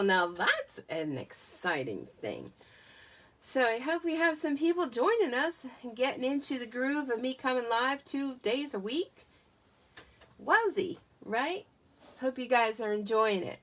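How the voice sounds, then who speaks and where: Woman, American Southern accent, crafting livestream host, chatty, greets viewers by name, animated pitch. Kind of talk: casual live-stream chat. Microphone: tablet.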